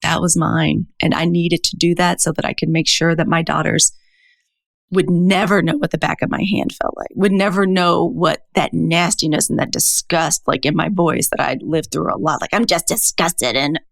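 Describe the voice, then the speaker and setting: Gravelly low-voiced woman podcaster. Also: moderate pace, no room sound, clean studio sound. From Mississippi. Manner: candid and emotional, with lively asides. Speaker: podcast co-host. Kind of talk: casual podcast chat.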